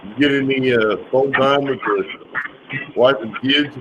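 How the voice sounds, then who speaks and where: A man hosting a casual livestream, greeting viewers by name in an easygoing, unhurried way. His voice sits at a middle pitch and comes through muffled, with clear noise hissing under it. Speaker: livestream host reading chat. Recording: muffled stream audio with noise.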